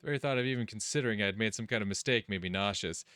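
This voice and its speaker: Low-voiced man reading a visual novel. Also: rapid-fire, bright, forceful tone, clear, resonant tone, no room sound, clean studio sound. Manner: casual, musing, thinks aloud. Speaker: let's play host. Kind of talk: reading visual novel text aloud and commenting. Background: game music.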